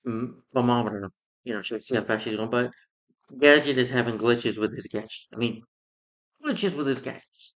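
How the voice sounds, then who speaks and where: A man talks through a movie review in a loose, rambling way, circling back with plenty of "you know" and "like" as he retells scenes. His pitch sits right in the middle for a man. The sound is a bit dull and lo-fi, like a basic home setup. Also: steady tone, a little fast. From lives in Georgia, US. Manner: rambling, filler-heavy retelling of the plot. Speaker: film reviewer. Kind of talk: casual spoken film review.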